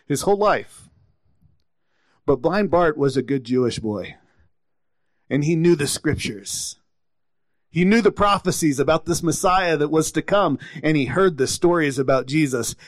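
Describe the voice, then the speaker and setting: A man's voice: mid-range voice, no room sound. A man preaching a sermon, retelling scripture stories and acting out the quotes with rising intensity.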